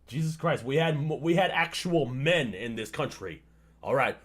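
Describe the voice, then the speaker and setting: Swearing, ranting streamer guy with lively pitch. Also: normal speed. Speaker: livestream host. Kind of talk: casual reaction commentary.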